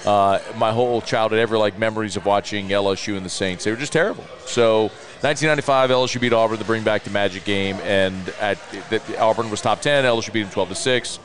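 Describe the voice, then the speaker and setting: A man's voice: on the low side, quick pace, few pauses. A man hosting a sports talk show, chatty and upbeat, laughing easily.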